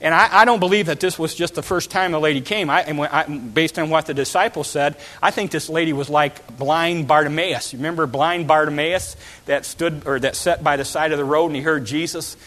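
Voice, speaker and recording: An earnest male preacher delivers a sermon, his voice sitting a little high for a man. He talks emphatically and keeps repeating and restarting his words as he pushes each point. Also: brisk, hardly any pauses, sharp tone.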